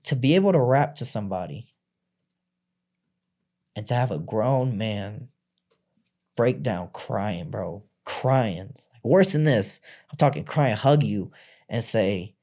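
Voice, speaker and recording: A man's voice: lowish voice, lively intonation, slow pace, long pauses, mellow. A man on a podcast as a guest, telling his own story candidly in blunt, profane everyday speech. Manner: blunt and profane, acts out quoted voices.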